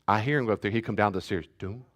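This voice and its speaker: A man pastor giving a teaching talk and answering questions, telling family stories in an animated way. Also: lowish voice, very fast. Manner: animated storyteller, acts out family scenes.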